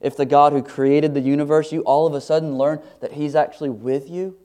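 Man preaching with animated swings. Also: a little fast. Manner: animated preaching that climbs loud and high when voicing Moses, then drops soft; stumbles and restarts often, chuckles. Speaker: pastor. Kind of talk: sermon.

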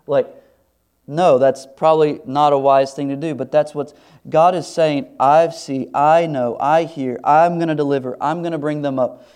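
Man preaching with animated swings. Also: a little slow, clear, resonant tone. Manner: animated preaching that climbs loud and high when voicing Moses, then drops soft; stumbles and restarts often, chuckles. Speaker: pastor. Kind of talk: sermon.

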